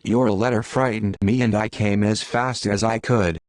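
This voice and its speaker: A man's voice: on the low side, fairly even intonation, normal speed, no room sound, clean studio sound, close to an everyday voice. A man voicing an earnest young son who speaks urgently and grimly. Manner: urgent, grim.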